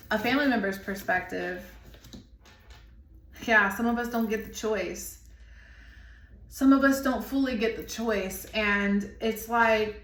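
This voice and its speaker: A woman's voice: mid-range voice, a bit bright, a little hiss or hum. A woman in her thirties giving an intuitive tarot reading, emotional and rambling as she searches for words. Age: 30s. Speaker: tarot reader. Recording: echoey room.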